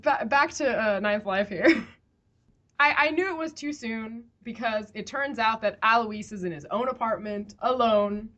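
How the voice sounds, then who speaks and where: A woman's voice: on the high side, a little slow, a bit bright, dull audio. A woman hosting a podcast in casual, giggly, enthusiastic chat. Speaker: podcast host.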